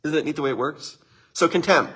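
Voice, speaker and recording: A man giving relationship advice in a live talk, chatty and animated, laughing often and speaking straight to his listeners. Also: a little high, fast, breathy edge.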